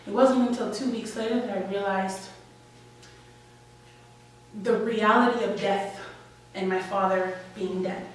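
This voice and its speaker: A woman's voice: mid-range voice, steady tone, measured pace, long pauses. A young woman from New York telling a candid, wry and emotional personal story at a live story slam. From Washington Heights, New York. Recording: echoey room, distant mic, faint ambience.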